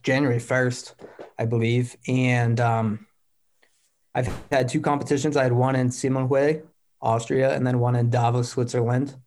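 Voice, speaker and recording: A man's voice: mid-range voice, darkish tone. A young male athlete talks casually as an interview guest. He rambles along cheerfully and scatters "like" through nearly every sentence. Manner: rambling, heavy on "like" fillers, upbeat.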